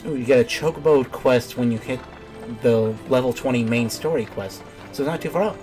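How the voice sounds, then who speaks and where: A man's voice: mid-range voice, fairly quick, darkish tone, soft background music. A young man streaming a game, giving easygoing casual commentary and laughing often.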